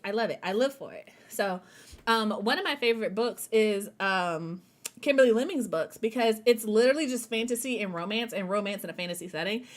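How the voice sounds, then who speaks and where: A woman's voice: on the high side, fairly bright tone. A woman hosting a writing sprint livestream, wired on caffeine, chatty and hyper, laughing often and talking to her viewers as y'all. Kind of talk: casual livestream chat.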